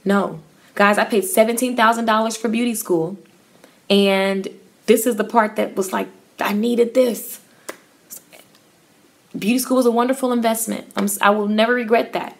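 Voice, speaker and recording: A woman's voice: medium pitch, steady tone, brisk. A woman in her thirties who coaches hair stylists, chatting casually on a live stream, reading viewer comments aloud with upbeat, effusive encouragement.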